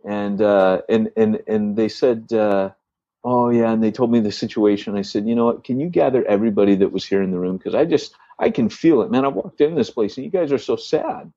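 A man co-hosting a podcast tells a story in a relaxed, rambling way. He stumbles over restarts and acts out the dialogue of the people in it. His voice comes through dry and a little dull, like a modest home setup. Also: fairly low pitch, a little fast, no echo. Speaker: church planter podcast co-host. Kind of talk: casual storytelling chat.

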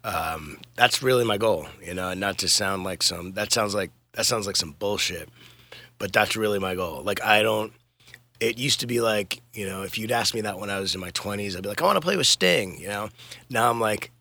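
A man's voice: on the low side, moderate pace, pushed and bright. A middle-aged man, a touring musician, chatting casually in a podcast interview, rambling and laid-back, swearing and laughing often.

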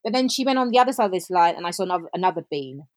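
A woman, telling her story as a podcast guest in an animated way, acting out bits of dialogue. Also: on the low side, very fast, dry recording. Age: 40s. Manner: animated, laughs often, reenacts dialogue. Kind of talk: casual storytelling.

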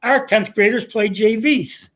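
A man's voice: sits high, measured pace, a bit bright. Older man telling folksy coaching stories. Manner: folksy, chuckling anecdotes with quoted dialogue. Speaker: retired coach, interview guest. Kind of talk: casual storytelling.

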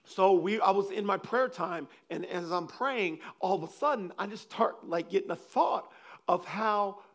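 A man preaching a sermon, telling personal stories in a rambling, animated way, with frequent restarts. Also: high-pitched, unhurried. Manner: animated, acts out scenes with loud laughter and shouts; rambling, restarts sentences often.

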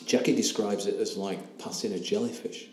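A lowish, slightly mellow voice with fairly even intonation belongs to a man in his 60s telling a personal story as an interview guest. He speaks earnestly and emotionally, halting as he recounts quoted dialogue. Roomy echo and faint hiss color the recording.

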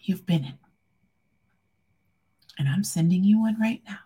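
A woman talking to camera in a rambling, heartfelt vlog, soft-spoken and a little tearful. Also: mid-range voice, expressive, unhurried, husky. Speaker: vlogger. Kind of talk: emotional personal vlog.

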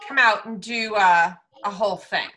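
A woman's voice: medium pitch, normal speed, pushed and bright, a little hiss or hum. A woman in a casual group chat, a little hesitant, adding dry quips.

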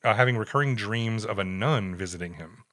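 Bright-voiced man telling a story. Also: fairly low pitch, fairly quick. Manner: wry, reads quotes aloud with put-on voices. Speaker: podcast co-host. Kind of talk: casual storytelling chat.

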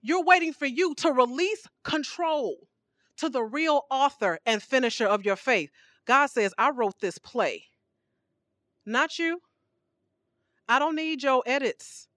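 This woman's voice is high, and the studio recording is clean and echo-free. Delivering a podcast sermon, she speaks emphatically, fills it with rhetorical questions, and lets her voice rise and fall in lively bursts of volume.

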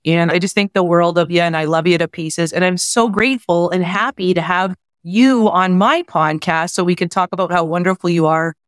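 A woman's voice: on the low side, fairly even intonation, moderate pace, few pauses, no room sound, clean studio sound. Teary woman host gushing over her guest. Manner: gushing, full of praise. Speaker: podcast host. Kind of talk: introducing a guest.

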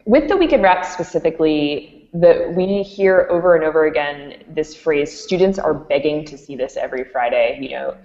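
A woman with a low voice walks through a product demo, explaining at an easy clip with plenty of ums. The sound is dull and boomy, as if from a reverberant room over a muffled line. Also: moderate pace, hardly any pauses, a little mellow. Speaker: educational company presenter. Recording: dull, echoey room audio.

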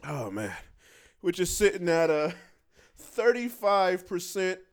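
A man's voice: high voice, sing-song, slow. A man co-hosting a casual chat about movie ratings, laid-back and slangy, laughing often. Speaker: podcast co-host.

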